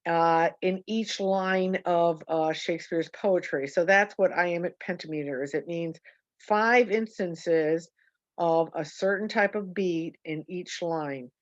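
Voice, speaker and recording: A woman's voice: fairly low pitch, slow pace, no room sound, lo-fi sound. Rambling woman teaching poetry over a call. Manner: rambling, self-correcting, many ums. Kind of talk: online poetry lesson. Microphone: video call.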